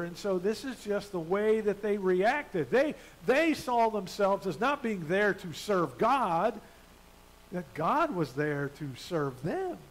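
Pastor, male, high voice, chatty sermon delivery full of restarts. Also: poor audio. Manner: conversational, with many fillers and restarts. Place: church.

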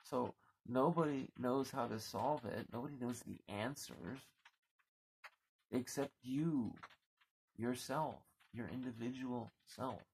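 A man with a gravelly, creaky voice in the middle range tears into an angry, swearing vlog rant. He gets heated and keeps tripping over his words. A faint hiss sits under the recording made on his anchored boat. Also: mid-range voice, slow, darkish tone, poor audio. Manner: heated, swearing, repeating words when worked up. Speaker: vlogger. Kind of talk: angry profane rant to camera.

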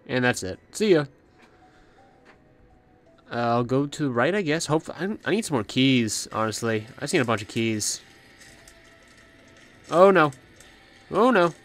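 A young man gives casual let's play commentary, chatting as he plays and calling out to the enemies on screen. He is a little out of breath, and his voice sits in an ordinary middle pitch. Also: lively intonation, a little slow, long pauses, faint music behind. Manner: chatty, talks to the game's enemies. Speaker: gaming channel host.

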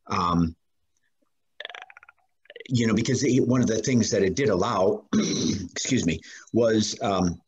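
A man with a deep voice speaks in a casual class discussion. His tone is husky and a little breathy. He halts often, filling gaps with ums and clearing his throat. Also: slow, long pauses, muffled recording. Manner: hesitant, many fillers, clears throat often.

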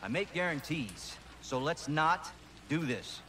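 An actor playing a smug military commander, speaking calmly and condescendingly with threats underneath. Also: male voice, a little high, measured pace. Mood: menacing calm. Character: smug menacing military commander, adult man.

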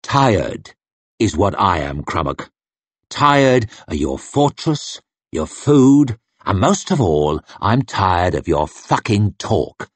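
A man's voice: sits low, sing-song, takes it slowly, slightly rough, no echo, heavily acted. A man voicing a tired, battered warrior who speaks bluntly and grimly. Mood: weary scorn. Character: weary, battered male warrior, blunt and grim.

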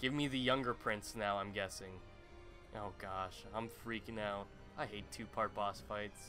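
A young man hosting a let's-play, commenting as he goes. He mutters nervously, then bursts into loud exclaims and yelps. Game music plays clearly behind his voice. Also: on the low side, steady tone, a little slow. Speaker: gaming channel host.

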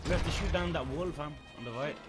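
A man's voice: fairly high pitch, fast talker. A young man, streaming a game and bantering in slang. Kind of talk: casual gaming chat. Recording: game music behind the voice.

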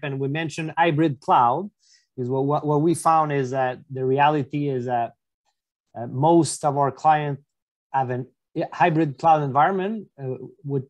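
A man's voice: a little high, no room sound. Hesitant male engineering speaker, dry sound. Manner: hesitant, repeats words. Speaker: engineering executive. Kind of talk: webinar presentation.

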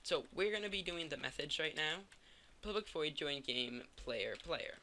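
Tired young man with a gravelly voice. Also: fairly high pitch, expressive, moderate pace, bright, forceful tone, a little hiss or hum. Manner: rambling, self-mocking, thinks aloud. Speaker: coding tutorial maker. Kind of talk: screen-recorded coding tutorial.

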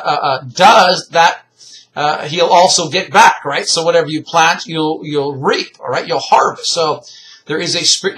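A middle-aged man giving rambling, animated religious commentary, full of fillers and chuckles. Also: a little high, rough recording. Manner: animated, rambling, laughs often, frequent fillers.

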